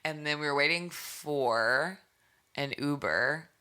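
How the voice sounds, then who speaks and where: A young woman musician being interviewed, telling stories in a bubbly, animated way with lots of fillers. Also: deep voice, takes it slowly. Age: young adult. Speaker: musician guest. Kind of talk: casual interview chat.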